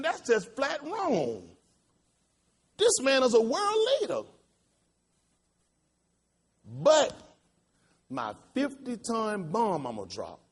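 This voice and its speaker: Impassioned preacher with a lively, swooping voice. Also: male voice. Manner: impassioned storytelling, swinging between loud high outbursts and low quiet asides. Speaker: pastor. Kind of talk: sermon.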